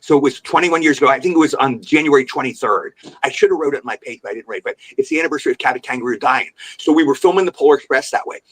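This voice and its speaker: An older man rattles off show-business anecdotes at a brisk clip on a podcast. He tells them with animated energy, and his pitch sits in an ordinary middle range. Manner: animated anecdotal storyteller, jumps into voices for quotes. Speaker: guest actor. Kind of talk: podcast interview storytelling. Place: remote podcast call.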